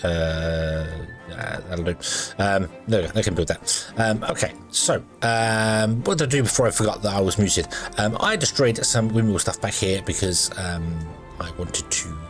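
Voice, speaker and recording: A deep-voiced man chatting his way through a building game, wandering from thought to thought with plenty of ums and restarts. Quiet music plays behind his voice. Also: moderate pace. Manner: rambling, self-correcting, many ums and uhs. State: has the hiccups. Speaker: gaming video host. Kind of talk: casual gameplay commentary.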